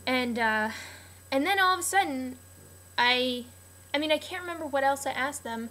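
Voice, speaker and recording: A woman's voice: high-pitched, expressive, moderate pace, sharp tone. Chatty young woman telling a story. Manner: chatty, rambling, lots of "like" and restarts. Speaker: vlogger. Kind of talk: casual storytelling to camera.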